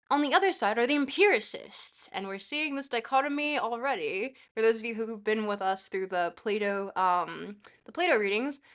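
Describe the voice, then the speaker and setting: A woman's voice: fairly high pitch, fairly bright tone. A young woman streaming a casual philosophy lesson, reading a text aloud and breaking off to giggle and thank her chat.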